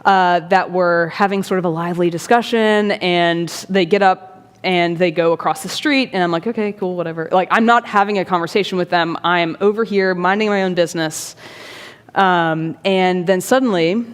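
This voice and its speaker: A woman priest telling a chatty, animated story with self-mocking humor at a church forum. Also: fairly low pitch, normal speed, clear, resonant tone. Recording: reverberant church hall.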